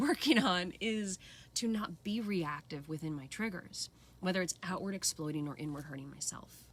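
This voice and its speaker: Woman, lowish voice, earnest, expressive, casual reflective talk, faint background noise. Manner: earnest, expressive, acts out inner voices with swearing and sighs. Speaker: speaker sharing personal practice.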